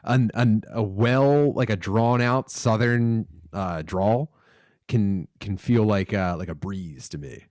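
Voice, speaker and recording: A man's voice: on the low side, takes it slowly, a little mellow, no room sound, studio quality. A man from Philadelphia, a podcast guest, talking in loose rambling chat with lots of swearing and fillers.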